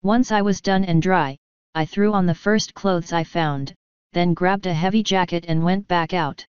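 A woman's voice: fairly low pitch, unhurried, darkish tone, smooth, no echo, dull audio. A woman reading first-person fan fiction aloud in a casual, offhand way, swearing freely. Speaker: audiobook reader.

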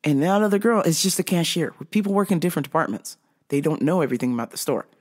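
A woman voicing a calm male store manager who speaks low and matter-of-fact. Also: quick pace.

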